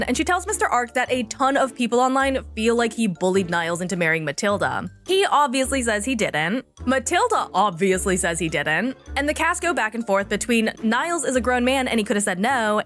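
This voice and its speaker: A woman's voice: mid-range voice, fairly bright tone. A woman giving snarky, sarcastic commentary in a reality TV recap. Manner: snarky, mocking, puts on silly voices for quotes. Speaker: recap host.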